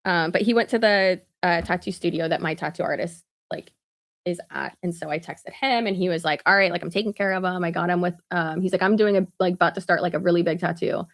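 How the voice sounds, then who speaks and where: Chatty woman live-streaming. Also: lowish voice. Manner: chatty, quick asides with laughs and fillers. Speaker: vlogger. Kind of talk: casual live-stream chat.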